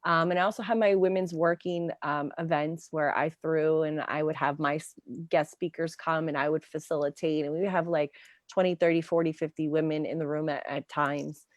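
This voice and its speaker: A woman's voice: deep voice, moderate pace, no room sound. A woman career coach chatting casually in an interview, telling stories with lots of "like" and "um" fillers. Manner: animated storyteller, many fillers like "like" and "um".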